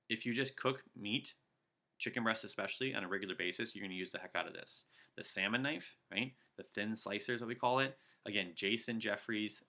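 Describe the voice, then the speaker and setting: A man giving an energetic sales training talk, coaching his listeners and acting out customer pitches. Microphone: video call.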